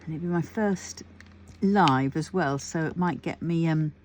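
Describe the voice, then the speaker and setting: Chatty woman with a low voice. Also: unhurried, darkish tone, a little hiss or hum. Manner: chatty, rambling, thinking aloud with many fillers. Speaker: crafting vlogger. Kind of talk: casual chat to camera.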